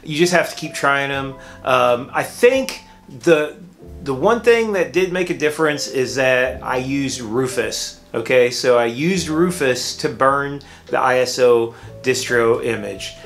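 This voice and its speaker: A man of middle pitch vents to camera in a loose, rambling vlog monologue, doubling back and restarting his sentences as his exasperation shows. He records indoors under a beauty light, with faint music running underneath. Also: measured pace, a bit bright. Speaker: vlogger and art teacher.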